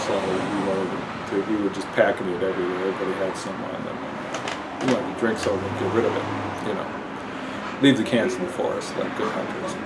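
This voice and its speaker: Brief: man, lowish voice, casual self-mocking storyteller, air conditioner noise behind. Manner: rambling, self-mocking, many fillers.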